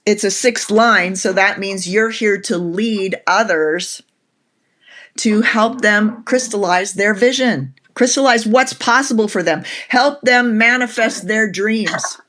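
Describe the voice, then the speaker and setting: A woman coach speaking as a guest on a podcast. She talks at a slow, unhurried pace, with a middle pitch. She explains her ideas in a measured way and sometimes uses fillers. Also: a bit bright. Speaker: human design coach, guest. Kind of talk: casual interview conversation.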